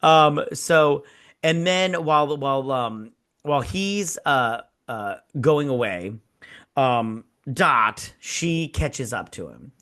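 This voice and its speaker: A man's voice: mid-range voice, slow. Laughing, crude male podcast host. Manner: animated retelling, quoting characters in voice; laughs often, crude humor. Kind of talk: casual movie-review chat.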